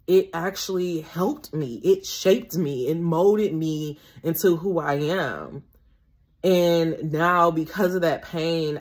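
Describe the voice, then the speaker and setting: A young adult woman talking through her feelings in a casual, reflective monologue as a podcast host. She is candid and rambling, swears freely, repeats herself, and her voice rises when she gets emotional. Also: sits low. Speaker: podcast host and tarot reader.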